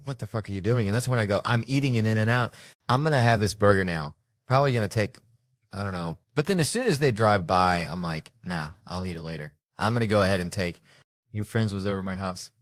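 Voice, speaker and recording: Low-voiced brash stand-up comic man. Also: dry recording. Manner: acts out other people's voices in quick bursts; profane and brash. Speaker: stand-up comedian. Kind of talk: stand-up storytelling.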